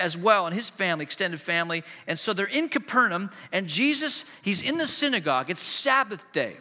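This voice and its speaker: Pastor, man, high and very forceful delivery, long church reverb; tells the story like he's there. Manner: vivid storytelling, addressing the congregation directly. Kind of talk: sermon.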